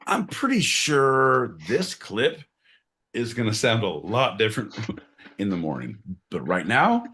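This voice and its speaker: A man's voice: medium pitch, very animated, measured pace, bright, forceful tone, breathy edge. A man co-hosting a comedy podcast in rowdy banter, goofy and sweary, breaking into nonsense beats. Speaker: podcast co-host.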